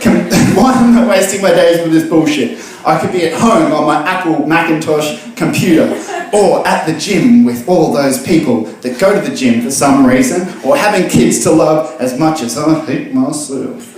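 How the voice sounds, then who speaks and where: A man's voice: on the high side, normal speed, a little mellow, slight background noise. A young man giving a crude, self-mocking comic reading of his own piece in a pub. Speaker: comic reader at a book launch. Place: pub function room, live audience. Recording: echoey pub room.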